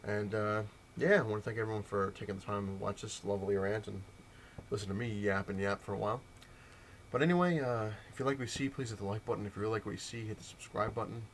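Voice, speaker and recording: A man ranting in a casual vlog, telling a story with heated, animated mimicked dialogue. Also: on the low side, fast talker, a little hiss or hum. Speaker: comic collector vlogger.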